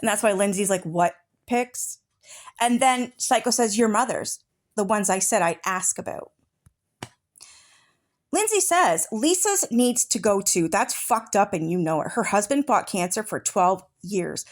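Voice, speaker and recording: Medium in pitch, animated and unhurried, a woman reads viewer chat aloud on her true-crime commentary channel. She keeps interrupting with furious, profane outbursts, confrontational throughout.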